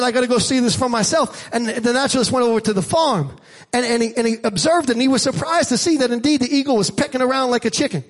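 A male pastor delivering a sermon with emphatic, rhythmic preaching. His voice sits very high for a man. He keeps calling out to the congregation to answer back.

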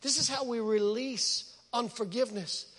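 High-voiced emphatic preacher man. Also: normal speed, a bit bright. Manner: emphatic, repeats words for stress. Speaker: pastor. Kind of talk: sermon. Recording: long hall reverb.

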